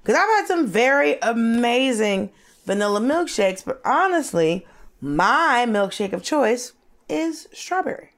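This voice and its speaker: A woman co-hosting a comedy podcast, arguing in a brash, animated way and swearing freely. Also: on the high side, a little slow. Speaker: podcast co-host. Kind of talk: casual comedic debate.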